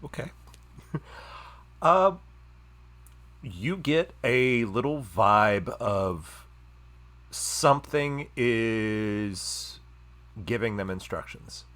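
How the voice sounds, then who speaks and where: A man running a tabletop game as game master on a live stream, unhurried and laughing along with his players. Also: fairly low pitch, expressive, a bit bright.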